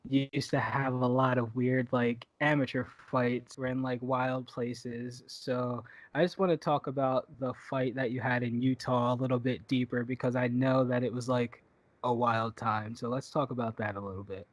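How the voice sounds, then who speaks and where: A man hosting a podcast, asking rambling, relaxed questions with many fillers. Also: mid-range voice, normal speed, no room sound. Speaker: podcast host. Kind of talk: casual interview.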